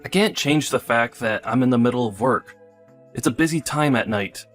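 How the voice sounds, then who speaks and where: A man's voice: mid-range voice, moderate pace, a bit bright, faint music behind, natural voice. A man voicing a dismissive, selfish husband. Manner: offhand, dismissive. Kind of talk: text-story drama acting.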